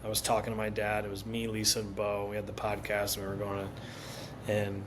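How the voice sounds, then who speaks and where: Male comedian guest, somewhat low voice, animated and profane chat. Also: fairly quick, a little hiss or hum. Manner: animated, profane storytelling with lots of laughter. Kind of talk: casual podcast chat.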